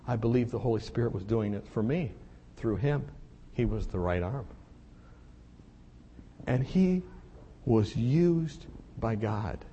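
A man's voice: mid-range voice, animated, takes it slowly, pauses often, dark tone, dull audio, a little hiss or hum. Man preaching a personal story. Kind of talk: sermon storytelling.

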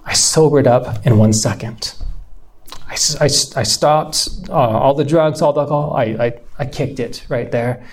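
A man telling his life story in a casual, heartfelt way. His voice sits at a middle pitch, and he rambles a little, circling back with fillers and restarts as he goes. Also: moderate pace. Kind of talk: personal testimony storytelling.

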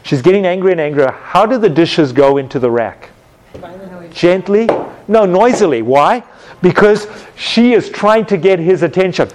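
A man teaching a Bible class, telling everyday stories with lively acted-out moments and questions to his students. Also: high voice, normal speed. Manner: animated storytelling, acts out scenes with sound effects.

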